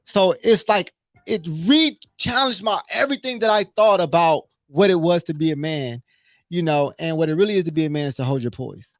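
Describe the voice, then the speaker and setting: A man from Inglewood, California, with a high-pitched voice, tells a personal story in a relaxed conversation. He is animated and swears freely, acting out other people's lines as he goes. The recording is dry and close. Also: fairly quick, dry recording. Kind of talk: casual storytelling chat.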